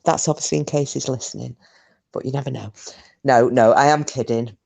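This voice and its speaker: A woman's voice: a bass voice, fairly even intonation, brisk, creaky, a little mellow, breathy edge. A woman hosting a live stream, chatting casually with viewers and telling stories in a chatty, self-mocking way and swearing freely. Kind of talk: casual chat and storytelling with viewers.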